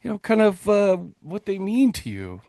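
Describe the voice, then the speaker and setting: A male podcast co-host in loose, joking chat. His voice sits a little high and sounds close and dry, with no room around it. He rambles and restarts his sentences often. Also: wildly swooping pitch, normal speed, creaky, mellow, no room sound. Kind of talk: casual chat.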